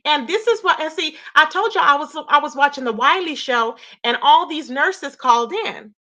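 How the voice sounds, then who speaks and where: A woman's voice: high voice, animated, normal speed, pushed and bright. A woman hosting a casual gossip livestream, reading chat and reacting with lots of exclamations. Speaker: livestream host.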